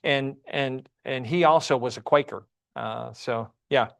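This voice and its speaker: A man's voice: mid-range voice, measured pace, gravelly, a bit bright, smooth. A man teaching a church Sunday class, often asking the class questions and repeating himself.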